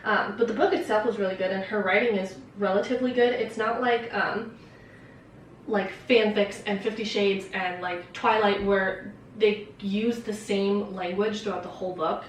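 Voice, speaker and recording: A woman's voice: medium pitch, fairly even intonation, normal speed, slight background noise. A young woman vlogger chatting casually about a book, rambling and swearing with lots of fillers. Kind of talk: casual chat. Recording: very echoey room, distant mic.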